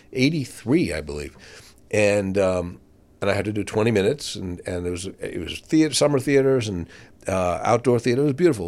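A man, a guest comedian, telling a story in casual chat and acting out the voices he quotes. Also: fairly low pitch. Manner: animated, acts out quoted voices.

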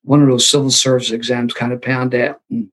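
A man's voice: mid-range voice, little pitch movement, a little fast, a bit bright. An older man, telling his recovery story at a sober meeting with self-deprecating humor. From Philadelphia.

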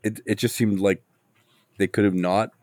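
A man's voice: fairly low pitch, little pitch movement, normal speed, darkish tone, no echo. A man co-hosting a casual film podcast, rambling as he retells his reactions. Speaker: podcast co-host.

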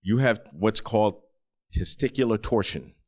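A man's voice: fairly low pitch, lively intonation, moderate pace, darkish tone, natural voice. A man playing a serious male pediatrician who firmly urges a patient to go to the hospital. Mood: urgent.

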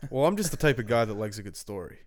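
A man's voice: on the low side, sing-song, quick pace. A man co-hosting a podcast, cracking jokes and teasing the others in casual banter. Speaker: podcast co-host.

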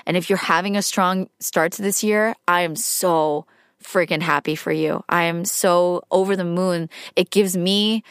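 A woman's voice: fairly low pitch, no echo, studio quality. A woman giving an earnest, rambling personal monologue as a vlogger, full of "like"s and emotion that sometimes turns tearful. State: tearful at times.

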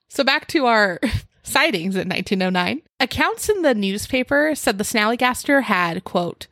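A woman's voice: fairly high pitch, lively intonation, normal speed, fairly bright tone, no room sound. A woman co-hosting a podcast in a casual chat, upbeat, reading from her research and laughing often. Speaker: podcast co-host.

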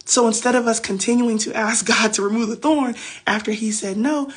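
Speaking brisk and on the high side, with a slightly rough edge, a female faith podcaster teaches the Bible casually on a phone livestream. Her style is talkative and preachy, full of loose slang.

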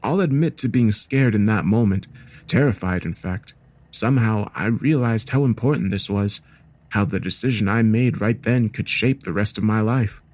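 A man reading a first-person horror story aloud in a steady, measured storytelling manner. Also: lowish voice. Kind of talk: scripted horror story narration.

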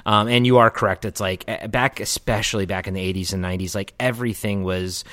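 Low-voiced enthusiastic podcast guest. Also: male voice, steady tone, fast talker, sharp tone, dry recording, clean studio sound. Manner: agreeable and enthusiastic. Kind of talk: casual movie breakdown chat.

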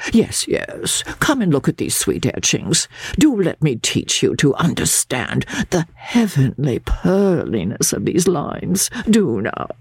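Woman reader as fussy frail gentleman invalid, peevish and languid; gravelly, slow. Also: low-pitched, no echo, voice pushed up, heavily acted. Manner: affected, drawling, peevish, precious. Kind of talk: dramatic audiobook reading.

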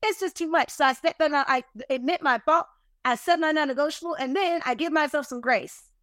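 High-voiced animated businesswoman. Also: a little fast, dry recording, studio quality. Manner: animated, emphatic, self-deprecating. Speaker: podcast guest, business owner. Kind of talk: casual interview storytelling.

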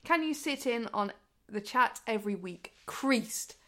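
A woman's voice: a little high, lively intonation, unhurried, sharp tone. A woman co-hosting a casual podcast, giggly and self-deprecating. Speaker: podcast co-host.

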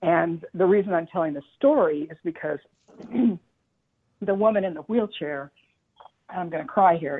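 Middle-aged woman guest, earnest halting storyteller, phone-line sound. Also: lowish voice, husky. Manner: earnest, halting, many restarts and fillers. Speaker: spiritual teacher guest. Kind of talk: casual storytelling on a radio talk show.

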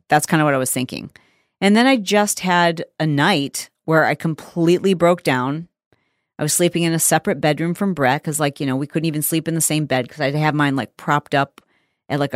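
A woman's voice: low-pitched, no echo, clean studio sound. A middle-aged woman hosting a podcast, telling a personal story in a candid, emotional, self-reflective way. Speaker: podcast host.

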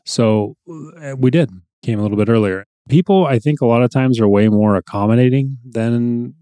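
A man's voice: medium pitch, normal speed, warm tone, no room sound. A man co-hosting a podcast in casual conversation, talking reflectively and a little hesitantly, often restarting his sentences. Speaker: podcast co-host.

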